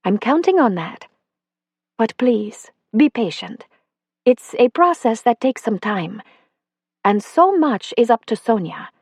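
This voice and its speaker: A woman reading an audiobook puts on a kind female doctor with a slight accent, set a little higher than a plain reading voice. She speaks in a gentle, measured, reassuring way. The sound is close and dry, with no room around it. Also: big pitch swings, husky, no echo, exaggerated voice. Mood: calm reassuring.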